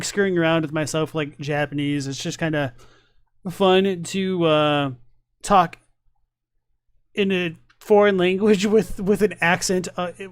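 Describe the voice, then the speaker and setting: A man's voice: sits high, smooth, no echo. A man chatting loosely as a streamer reacting to lore videos, rambling with many fillers and asides. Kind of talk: casual reaction commentary.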